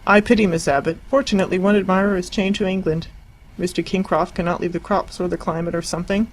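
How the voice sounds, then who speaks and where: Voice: medium pitch, fairly even intonation, quick pace, natural voice, poor audio. A narrator voicing a wry, snobbish young man with a dry, sardonic manner.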